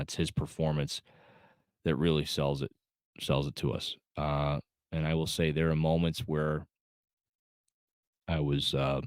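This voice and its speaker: Low-pitched man, casual film review, rambling with fillers, choked up, dry close mic. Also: no room sound. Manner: rambling, many fillers and restarts, openly emotional. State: choked up, holding back tears. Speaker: movie reviewer.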